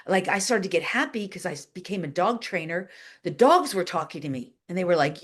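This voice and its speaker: A woman being interviewed, telling a long story in a chatty, animated way, with lots of "like" and voices acted out in quotes. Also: on the low side, fairly quick, husky. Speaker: guest, channeler and animal communicator.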